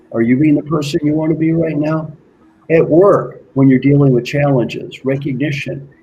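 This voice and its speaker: A man working as an executive coach, giving an earnest motivational talk and slowly repeating his key questions. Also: medium pitch, darkish tone, a little hiss or hum, rough recording.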